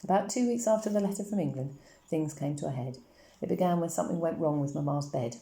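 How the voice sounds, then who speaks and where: A woman reading a novel aloud in a steady, even storytelling manner. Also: sits low, fast. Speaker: audiobook reader. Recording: roomy echo.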